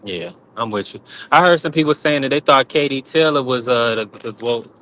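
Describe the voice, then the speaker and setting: A man's voice: medium pitch, a little fast. A man hosts an open boxing panel on a livestream, his voice sitting in a middle range. He talks loosely in slang, laughs easily and keeps passing the floor around. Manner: laid-back, laughing, giving shout-outs in slang. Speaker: host. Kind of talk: casual livestream panel talk.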